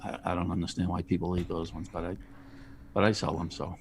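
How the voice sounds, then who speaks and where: A man, a guest on a podcast, telling jokey, animated stories in casual chat. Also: deep voice, fairly quick, vocal fry, slight background noise. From Charlestown, Boston area. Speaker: guest, ice cream truck driver.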